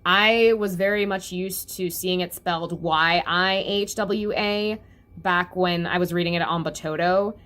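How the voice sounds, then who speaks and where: A woman's voice: on the low side, fairly even intonation, measured pace, fairly bright tone. A young woman giving a casual, giggly review of a webcomic chapter, often acting out the characters' lines.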